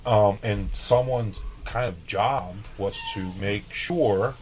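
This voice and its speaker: A man from El Paso, Texas, a chef appearing as a podcast guest, speaks slowly in a lowish voice with a darkish tone, over poor audio with a little hiss or hum. In this casual interview, he tells laid-back, profane stories and acts out past conversations.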